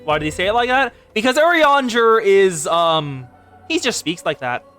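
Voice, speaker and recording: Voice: mid-range voice, sing-song, normal speed, fairly bright tone, soft background music. Rambling, chatty game streamer. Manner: chatty, rambling, addresses chat. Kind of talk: casual live-stream commentary.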